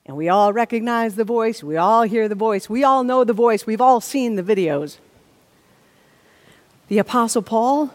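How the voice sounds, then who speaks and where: A woman's voice: fairly high pitch, normal speed. A woman preaching a sermon, reading scripture and then speaking earnestly, building to emphatic intensity. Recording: long reverb of a large hall.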